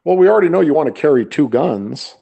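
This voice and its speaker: A man with a mellow, warm tone and a lively, swooping pitch co-hosts a relaxed podcast. He slips in dry, deadpan jokes as he chats. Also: fast, vocal fry, husky, lo-fi sound. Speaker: podcast co-host. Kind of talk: casual chat.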